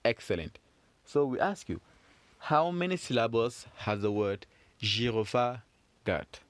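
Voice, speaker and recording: A man teaching French phonics to children in a patient, encouraging way, repeating sounds slowly. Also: mid-range voice, very animated, no room sound. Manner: slow, patient, encouraging, drawn-out repetitions.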